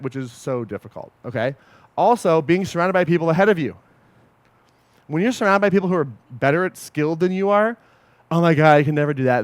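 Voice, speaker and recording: A man coaching a group in a casual, animated way, swearing often and checking in with his listeners. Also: fairly high pitch, dry recording. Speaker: podcast host and coach.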